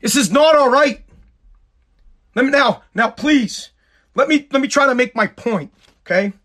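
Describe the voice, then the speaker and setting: A man hosting his own show, delivering an angry, profane rant that often rises into shouting. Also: very high-pitched, lively intonation, unhurried. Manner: profane, heated, shouting at times. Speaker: show host.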